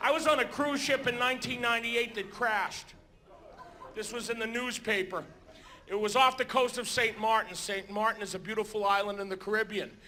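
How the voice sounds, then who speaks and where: A man doing stand-up on a theater stage with a high, bright voice. He tells animated stories and breaks into sudden shouts, with a crowd faintly heard behind him. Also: moderate pace. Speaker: stand-up comedian. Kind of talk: stand-up comedy routine. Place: theater stage before a live audience.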